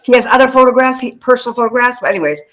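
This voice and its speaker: A woman's voice: fairly high pitch, expressive, racing, a bit bright. A woman co-hosting a casual talk show, rambling and laughing often as she chats. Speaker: podcast co-host. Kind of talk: casual chat.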